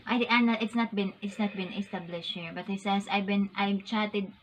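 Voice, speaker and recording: A woman's voice: mid-range voice, fairly even intonation, normal speed, slight background noise, low-quality recording. A woman co-hosting a casual video chat, playful and giggly. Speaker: co-host.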